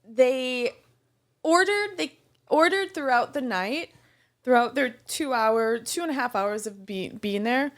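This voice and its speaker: Woman co-host, slightly high voice that swings widely; chatty storyteller who trips on words. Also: a little slow. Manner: animated storyteller, stumbles over words. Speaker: podcast co-host; restaurant server. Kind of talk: casual chat, storytelling.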